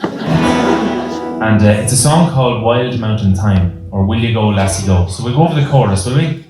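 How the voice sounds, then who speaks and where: A man's voice: on the low side, expressive, normal speed. Brief: Irish singer, young man, self-mocking stage banter, very echoey live hall with music underneath. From Ireland. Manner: chatty, self-mocking, joking. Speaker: singer talking to a concert audience.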